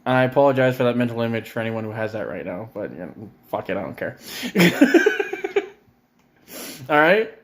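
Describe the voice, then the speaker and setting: A man's voice: mid-range voice, big pitch swings, moderate pace, long pauses. Foul-mouthed man ranting. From Canada. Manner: swearing, exasperated, sarcastic. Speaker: vlogger. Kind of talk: profane comedic rant. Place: a friend's house, indoors.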